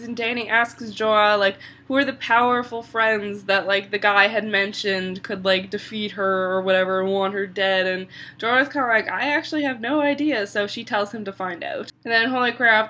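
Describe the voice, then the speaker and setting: A woman chattily recapping a TV episode, full of "like" and casual swearing. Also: medium pitch. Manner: chatty, animated, lots of "like" and swearing. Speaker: TV episode reviewer.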